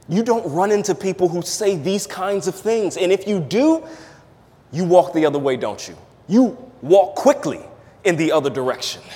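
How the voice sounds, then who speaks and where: A man preaching a sermon as pastor, emphatic, firing rhetorical questions and swinging between loud and hushed delivery. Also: fairly high pitch. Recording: long hall reverb.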